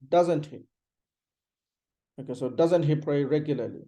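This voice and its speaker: A man's voice: fairly high pitch, measured pace, warm tone. A man teaching English pronunciation. He repeats words and sentences and corrects how they are said. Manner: gives corrections while marking a screen. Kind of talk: pronunciation lesson.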